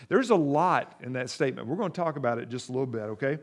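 A man's voice: mid-range voice, expressive, fast talker, hardly any pauses. A man preaching a sermon as pastor, speaking conversationally to the congregation and pushing hard on stressed words. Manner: emphatic, rising sharply in volume for stress.

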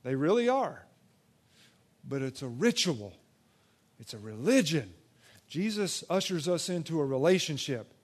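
A young man preaching a sermon in a conversational way, moving between loud emphatic stretches and soft, quiet ones. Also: fairly high pitch, sing-song, measured pace, long pauses. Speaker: pastor.

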